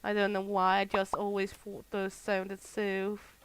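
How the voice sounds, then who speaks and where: A woman's voice: medium pitch, monotone, a little slow, clean tone, poor audio. A Danish woman from Southern Jutland, chatting casually and laughing while she streams a game. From Southern Jutland, Denmark. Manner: chatty, rambling, laughs often. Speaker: gaming streamer. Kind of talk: casual chat while playing.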